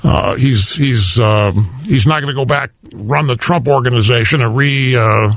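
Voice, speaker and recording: A man's voice: mid-range voice, moderate pace, a bit bright, no echo. A man hosting a talk radio show, emphatic and conversational, rephrasing a caller's point back to him. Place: radio studio. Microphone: studio microphone.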